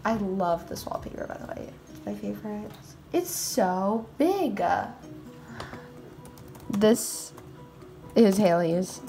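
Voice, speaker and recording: A woman hosting a game roleplay video, talking casually and excitably as a mom, with frequent exclamations. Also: medium pitch, takes it slowly, long pauses, faint music behind.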